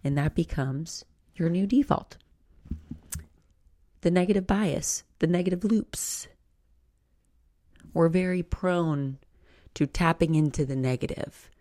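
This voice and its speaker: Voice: mid-range voice, slow pace, long pauses, mellow, dry recording, studio quality. A podcast host explaining casually in loose, chatty talk, swearing freely and acting out inner voices.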